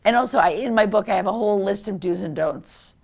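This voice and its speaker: A woman's voice: mid-range voice, fast talker, creaky, a little mellow. A middle-aged woman, an author, talking in a reflective, conversational way with lots of "you know" and "like". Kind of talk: reflective interview talk.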